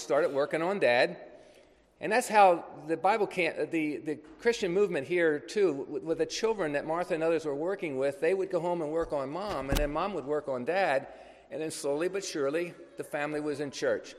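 A man's voice: fairly high pitch, long reverb tail. A man speaking as a missionary in a church, telling a ministry story in a loose, anecdotal way to a congregation. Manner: conversational, anecdotal, loose with pauses.

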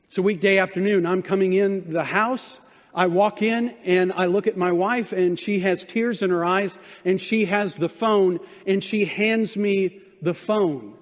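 A man preaching a sermon, telling a story and dropping low and quiet when he quotes others. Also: unhurried. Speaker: pastor. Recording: dull sound in a reverberant hall.

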